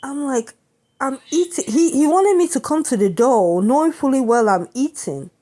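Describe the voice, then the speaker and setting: A woman's voice: sits high, animated, moderate pace, dark tone, a little hiss or hum. A woman venting indignantly to camera in a vlog, often asking her listeners whether they understand. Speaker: vlogger.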